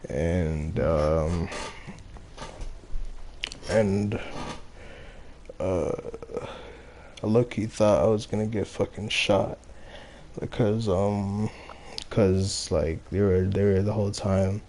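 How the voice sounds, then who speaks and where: Slow, low-voiced young man rambling. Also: flat delivery, a little mellow, slight background noise. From Los Angeles. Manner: rambling, heavy on fillers and profanity. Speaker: storyteller. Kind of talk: casual spoken storytelling.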